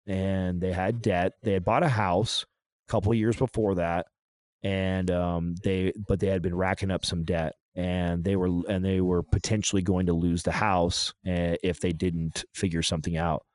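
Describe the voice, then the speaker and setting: Low-voiced man telling a personal story. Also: level tone, darkish tone. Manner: halting, restarts often, emotional. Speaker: podcast guest.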